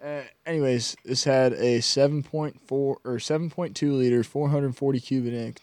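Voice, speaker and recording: Podcast dude rambling about old muscle cars, dry close sound. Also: male voice, mid-range voice, steady tone, normal speed, a little mellow, dry recording. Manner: rambling, enthusiastic car talk. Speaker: podcast co-host. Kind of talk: casual chat.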